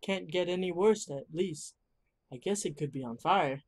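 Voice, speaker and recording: A gaming YouTuber giving goofy, excitable let's-play commentary. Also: mid-range voice, moderate pace.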